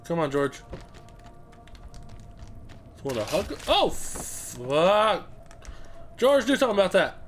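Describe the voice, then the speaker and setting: A man doing let's play commentary, excitable, swearing often and chattering to the things in the game. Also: high voice, slow, long pauses, soft background music. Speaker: gameplay commentator.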